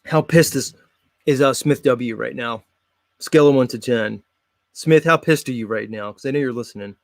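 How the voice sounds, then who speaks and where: A man's voice: mid-range voice, normal speed, creaky, no room sound, clean studio sound. A man hosting a show in a casual, mocking, blunt comedic rant. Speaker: host.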